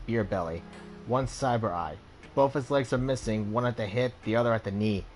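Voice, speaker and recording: A man hosting a let's play, reading game text aloud in a relaxed way with small slips. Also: mid-range voice.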